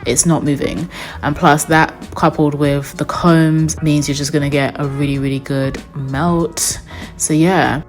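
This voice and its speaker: A woman's voice: low-pitched, level tone, measured pace, faint music behind. A young woman narrating a wig install tutorial as a voice-over, chatty and upbeat, talking straight to her viewers. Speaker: beauty vlogger.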